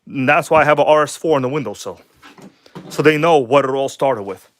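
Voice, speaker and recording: A man's voice: mid-range voice, a little fast. A man hosting a casual hobby livestream from home, talking loosely and joking with viewers. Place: at home, kitchen table.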